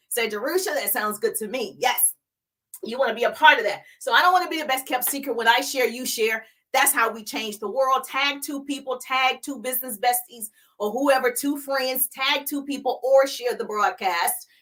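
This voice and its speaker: A woman's voice: a little high, sharp tone, poor audio. A middle-aged woman business coach giving an emphatic, hyped live-streamed pep talk, chatty and laughing between points.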